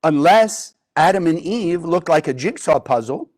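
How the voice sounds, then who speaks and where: Man, high voice, teacher, live class, storytelling, rhetorical questions. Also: animated, unhurried, a little mellow. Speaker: Kabbalah teacher.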